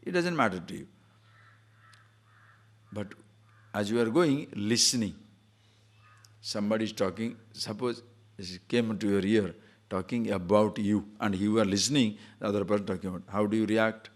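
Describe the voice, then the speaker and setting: A man, a spiritual teacher, giving an animated lecture on scripture and acting out little scenes of quoted speech. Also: lowish voice, moderate pace, long pauses. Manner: animated, acts out quoted speech, chuckles at own stories.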